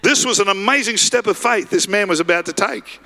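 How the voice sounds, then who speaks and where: A male pastor preaching a lively sermon, often calling out to the congregation. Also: high-pitched, a little fast, vocal fry. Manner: animated, calls to the congregation.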